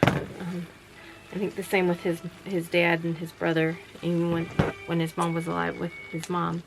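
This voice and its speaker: Late at night in her home workroom, a weary sewing-business vlogger chats and rambles, often restarting and using fillers. She speaks at a normal pace in a lowish, creaky voice with a completely flat delivery, over heavy background noise.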